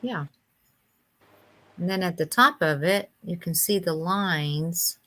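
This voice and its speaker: A woman co-hosting a live vintage sale in casual chat, unhurried and quick to laugh. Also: on the low side, a bit bright.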